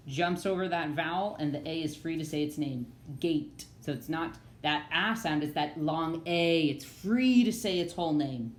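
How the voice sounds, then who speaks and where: A woman with a low voice leads a virtual phonics lesson for young children. She talks patiently and encouragingly and slows down on key words. The room around her echoes noticeably. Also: a little hiss or hum. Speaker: teacher.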